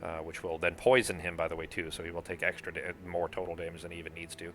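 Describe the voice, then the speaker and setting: A man's voice: low voice, little pitch movement, fast, fairly bright tone. A man acting as game master for a tabletop board game, thinking aloud, counting moves and swearing casually.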